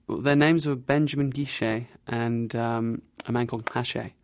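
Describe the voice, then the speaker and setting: Gravelly-voiced man telling a travel story. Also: mid-range voice, steady tone, moderate pace, no room sound, clean studio sound. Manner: vivid anecdotal storytelling with frequent restarts and soft laughs. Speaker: interview guest, travel writer. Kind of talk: storytelling interview answers.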